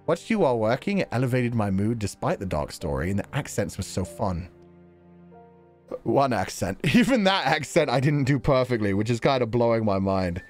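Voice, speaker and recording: A male streamer reads viewer donations aloud and chats in a lively, meandering way, frequently bursting out laughing. His voice sits at a medium pitch.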